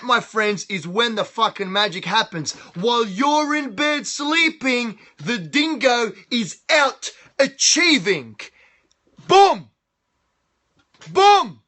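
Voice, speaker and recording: A man with an Australian accent hypes himself up on a live stream, boasting and swearing at full volume. His voice sits very high and sounds sharp and bright, and it comes through a phone mic. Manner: loud, boastful, profane hype talk. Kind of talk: hyped live-stream monologue.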